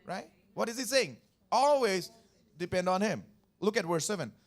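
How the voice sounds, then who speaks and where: A man's voice: high-pitched, expressive, fairly quick. A man preaching a Sunday sermon as pastor, repeating phrases and putting questions to the congregation. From India. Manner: emphatic, repetitive, questions the congregation. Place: church service.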